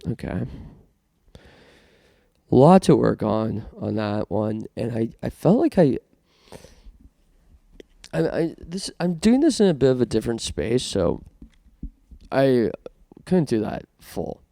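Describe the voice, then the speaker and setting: A man's voice: mid-range voice, big pitch swings, slow pace, gravelly, pauses often, mellow, dry recording, studio quality. A man from Canada hosting a casual podcast monologue, self-conscious and rambling with many restarts. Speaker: podcast host.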